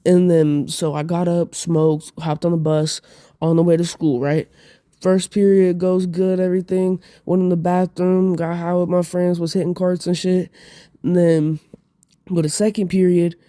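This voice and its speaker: A man's voice: a little high, mellow, no room sound. A young man telling a rambling, profane personal story in casual slang, full of fillers.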